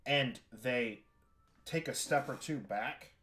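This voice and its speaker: A man's voice: medium pitch, slow pace, pushed and bright, faint music behind. A man narrating as game master of a tabletop role-playing game, with many fillers and restarts.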